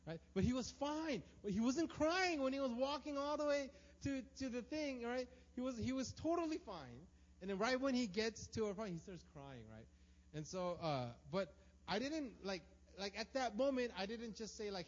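A man's voice: very high voice, lively intonation, moderate pace. Man preaching in an echoey hall. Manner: storytelling, conversational, keeps asking "right?". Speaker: pastor. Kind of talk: sermon. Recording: long hall reverb, dull lo-fi sound, faint hum.

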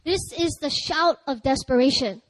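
High-voiced woman pastor preaching with dry closeness. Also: moderate pace, dry recording, low-quality recording. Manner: lively, chatty preaching with laughter and loud cries. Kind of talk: sermon.

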